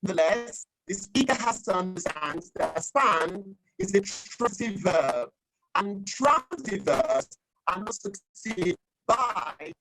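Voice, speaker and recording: A woman giving a formal grammar and pronunciation report over a video call, speaking in a deliberate, pedantic, corrective way. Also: medium pitch, lively intonation, a bit bright, slight background noise, low-quality recording. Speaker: grammarian at a club meeting.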